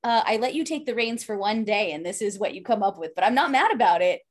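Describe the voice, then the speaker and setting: A woman's voice: medium pitch, expressive, quick pace. A woman co-hosting a casual podcast chat, playful and laughing often. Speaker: podcast co-host.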